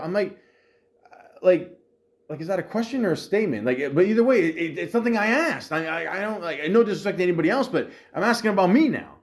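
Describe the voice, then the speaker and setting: A man's voice: high-pitched, expressive, fast talker. Rambling, profane male podcast host. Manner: rambling and profane, heavy on fillers and restarts; exasperated retelling of an argument. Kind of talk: casual storytelling.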